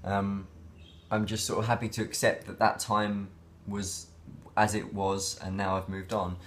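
A man's voice: lowish voice, level tone, a little slow, slight background noise. A man talking in a casual daily vlog, rambling and reflective, with many fillers and restarts. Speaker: vlogger.

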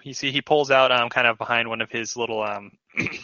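A man's voice: medium pitch, fairly even intonation, a little fast, noisy background. A man narrating as game master of a tabletop game, rambling with many fillers and restarts. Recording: dull lo-fi audio.

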